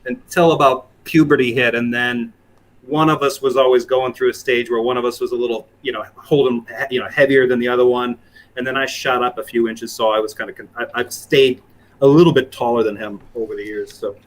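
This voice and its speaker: A man's voice: medium pitch, steady tone, fairly quick. Hesitant man in casual chat. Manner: hesitant, many restarts and ums. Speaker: guest.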